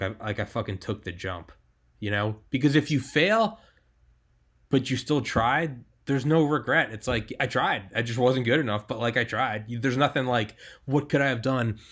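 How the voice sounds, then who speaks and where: A man hosting a podcast in loose, animated talk, swearing freely and leaning hard on "like". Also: mid-range voice. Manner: animated, profane, heavy use of "like". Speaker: podcast host. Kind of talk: casual podcast chat.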